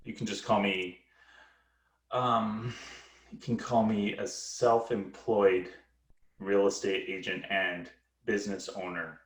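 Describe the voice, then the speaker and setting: Slow, soft-spoken man. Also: fairly low pitch, little pitch movement, roomy sound. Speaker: podcast guest. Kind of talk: casual chat.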